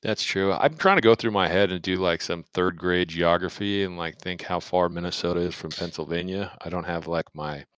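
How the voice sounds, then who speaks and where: A man's voice: sits low, normal speed, hardly any pauses, a bit bright, clean tone, dry recording. A man co-hosting a casual sports betting podcast, joking and rambling with fillers. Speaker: podcast co-host.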